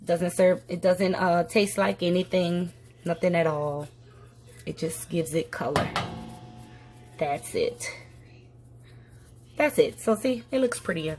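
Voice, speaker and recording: A woman's voice: fairly low pitch, takes it slowly, long pauses. A woman chatting through a cooking demonstration in her home kitchen, folksy and addressing viewers directly. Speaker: cooking vlogger.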